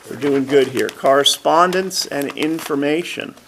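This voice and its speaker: A man chairs a borough committee meeting, moving briskly through motions and votes. He slips in wry, deadpan jokes as he goes. His voice sits slightly high, and the recording is noticeably noisy. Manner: wry, deadpan humor while running votes. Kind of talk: meeting chair, dry joking. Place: council chamber.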